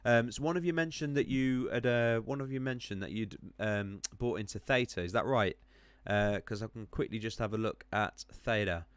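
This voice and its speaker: A man's voice: fairly low pitch, normal speed, hardly any pauses, clean tone, no echo. A man running a live stream on crypto charts, chatting with viewers, rambling with many ums and self-corrections while clicking around.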